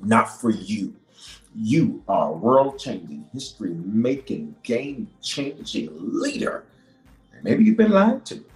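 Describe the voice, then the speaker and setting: A man, a bishop, preaching a leadership sermon. He repeats key lines for emphasis and swings from loud declarations to hushed asides. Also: on the low side. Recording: roomy echo with faint music.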